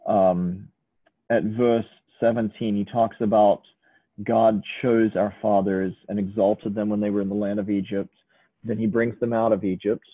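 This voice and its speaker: A man giving an online theology lecture, calmly explaining texts step by step. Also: lowish voice, no room sound. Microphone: video call. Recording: tinny dry online call audio.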